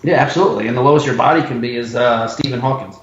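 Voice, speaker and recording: A man co-hosting a casual wrestling podcast, trading quick, jokey one-liners. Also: medium pitch, roomy sound, highs cut off. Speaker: podcast co-host.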